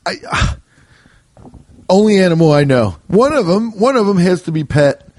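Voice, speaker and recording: A young man rambles through his solo podcast with loose, profane humor and quick quoted voices. His pitch leaps and dips expressively as he goes. The sound is close and dry, with no room around it. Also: very animated, a little mellow, no room sound. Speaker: podcast host. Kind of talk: casual rambling monologue.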